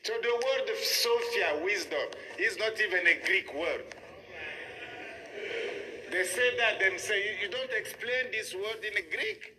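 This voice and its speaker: A man's voice: high voice, slow pace, sharp tone, slight background noise. A man giving a lecture to a class, emphatic and repetitive, often checking in with his listeners. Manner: emphatic, repeats himself, checks in with "you see?". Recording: long echo of a hall.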